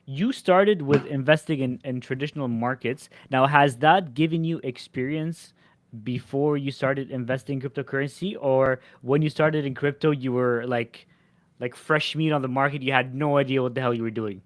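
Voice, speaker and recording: A man hosting a podcast interview, friendly and halting, with frequent restarts. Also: medium pitch. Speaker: podcast host.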